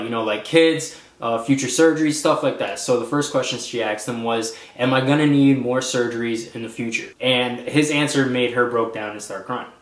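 A man co-hosting a couple's vlog, talking in an earnest, emotional and rambling way. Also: mid-range voice. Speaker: vlog co-host. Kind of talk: casual couple vlog chat. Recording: echoey room.

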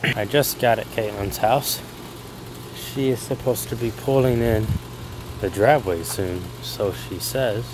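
Sick young guy vlogging, voice nearly gone, kinda low, noisy background. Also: a little slow. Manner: low-key, rambling with fillers. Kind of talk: casual vlog chat.

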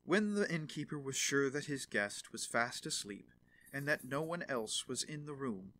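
A man narrating a fairy tale audiobook in an expressive storytelling manner. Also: on the high side.

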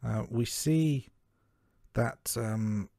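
A man co-hosting a film review podcast, talking through his notes in a measured, casual way. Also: mid-range voice, mellow, no echo, studio quality. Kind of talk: casual chat.

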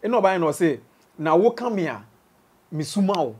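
Husky Ghanaian man explaining lyrics. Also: sits high, sing-song, moderate pace, darkish tone. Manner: explanatory, frequent "nti no" and "aha". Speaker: lyrics reviewer. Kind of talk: casual lyric-review chat.

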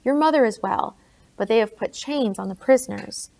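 A woman reading an audiobook, voicing a blunt, grave older colonial gentleman in her own plain voice. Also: fairly high pitch, moderate pace, natural voice.

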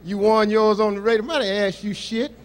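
Brash high-voiced stand-up comedian man. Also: steady tone, a little fast, slight background noise. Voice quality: brash, profane, boastful. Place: live comedy show on stage.

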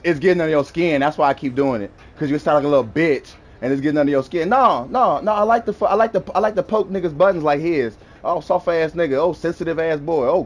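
A young man gaming and trash-talking an opponent over voice chat, taunting and mocking, repeating his insults over and over. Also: fairly high pitch. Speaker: gamer.

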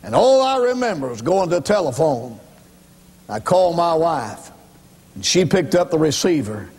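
A man's voice: fairly high pitch, big pitch swings, moderate pace, darkish tone, slightly rough. Dramatic preacher man in echoey hall. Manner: dramatic storytelling, acts out voices; emphatic, addresses congregation directly. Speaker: evangelist preacher. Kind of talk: sermon testimony.

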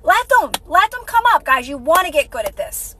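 A woman's voice: high-pitched, big pitch swings, normal speed, sharp tone, no echo, low-quality recording. A woman hosting a casual motivational livestream, repeating herself encouragingly and greeting viewers by name. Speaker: livestream host.

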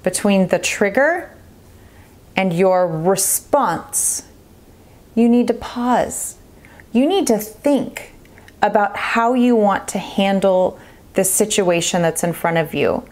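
A woman's voice: mid-range voice, expressive, takes it slowly, a little mellow. Earnest woman giving parenting advice. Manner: earnest, emphatic, repeats key phrases. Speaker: parenting vlogger. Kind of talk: direct-to-camera advice talk.

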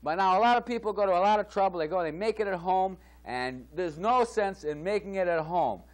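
In a mock cooking segment, a man voices an over-the-top male TV chef with a phony Italian accent. He's chatty and bragging, laughs at his own gags, and speaks expressively and fairly quickly in a high voice.

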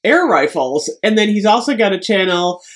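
A middle-aged woman from the United States in a casual unboxing vlog, gushing and excitable, often breaking into soft laughs. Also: mid-range voice, moderate pace. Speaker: beauty vlogger.

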